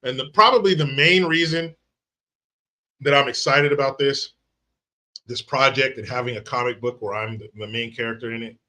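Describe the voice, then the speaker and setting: A man hosting a casual livestream, reading out viewer comments and greeting people by name in an animated, profane way. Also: medium pitch, moderate pace. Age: adult father of young children. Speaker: livestream host.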